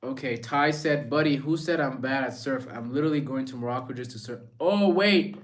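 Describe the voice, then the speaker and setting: A man's voice: mid-range voice, steady tone, fairly quick. A man hosting a live stream in a casual, rambling way, reading out viewer comments and answering them.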